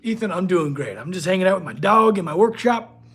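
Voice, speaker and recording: Man, casual livestream chat, fairly high voice, husky, workshop. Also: expressive, a little fast, a bit bright. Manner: chatty, answers viewer questions, talks to his dog. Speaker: blacksmith livestream host. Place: his workshop.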